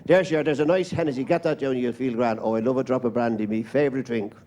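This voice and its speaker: A man's voice: mid-range voice, quick pace, mellow, lo-fi sound. A man with an Irish accent telling a joke on a live comedy stage, voicing a stewardess and a nervous passenger. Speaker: stand-up comedian.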